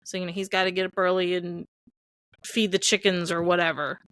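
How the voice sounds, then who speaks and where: A woman's voice: fairly low pitch, little pitch movement, brisk, fairly bright tone, no room sound, clean studio sound. A woman co-hosting a movie podcast, retelling film scenes in casual chat full of "like" and acted-out quotes. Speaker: podcast co-host.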